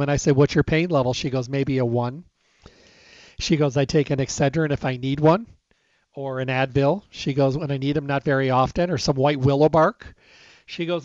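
Retelling a personal story on his relaxed health talk, a man plays out the conversations and leans on repeated words. He speaks at normal speed with a medium, fairly even, slightly mellow voice, captured in a dull, dry, lo-fi recording.

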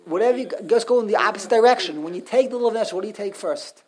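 A man's voice: sits high, very fast. Male teacher, informal class, repeats himself and throws questions to the room.

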